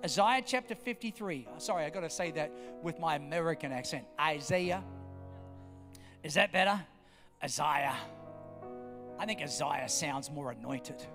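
A man's voice: fairly high pitch, moderate pace, vocal fry. A man preaching a sermon, emphatic and repetitive, firing questions at his congregation. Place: church hall. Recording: long hall reverb, faint music.

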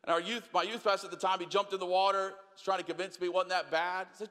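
Bright-voiced man preaching in a reverberant hall. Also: high voice, fast talker, few pauses. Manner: animated storyteller, acts out voices, drops to quiet questions. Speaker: pastor. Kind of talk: sermon with storytelling. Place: large church hall.

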